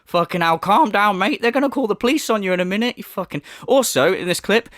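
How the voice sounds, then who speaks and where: A man's voice: high-pitched, animated, quick pace, fairly bright tone, dry recording, studio quality. A man doing a profane, mocking commentary rant. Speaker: commentary YouTuber. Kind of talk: ranting video commentary.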